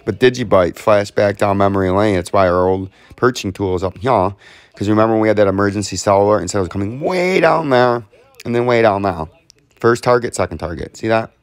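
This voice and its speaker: A man's voice: lowish voice, brisk, no echo. A man hosting casual chart commentary, rambling with jokes and repetitive riffs. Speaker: host.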